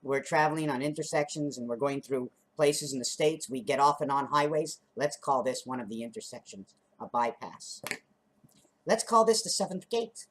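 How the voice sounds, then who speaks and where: A woman's voice: a bass voice, expressive, moderate pace. A woman vlogger talking in a rambling, free-associating monologue, laughing often and counting out numbers and letters as she sketches.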